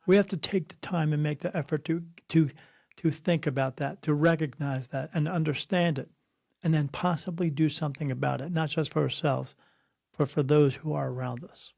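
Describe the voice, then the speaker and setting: A man's voice: fairly high pitch, fairly even intonation, normal speed, vocal fry, a little mellow, no echo, clean studio sound. A middle-aged man, a spirit medium being interviewed, telling stories bluntly and preachily and acting out the voices of people he quotes. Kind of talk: conversational interview, storytelling.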